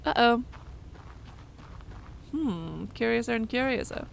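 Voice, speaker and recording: A woman's voice: a little high, animated, takes it slowly, vocal fry, slight background noise. Swearing woman streaming horror games. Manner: casual, cussing, reacting out loud. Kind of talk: live horror gameplay commentary.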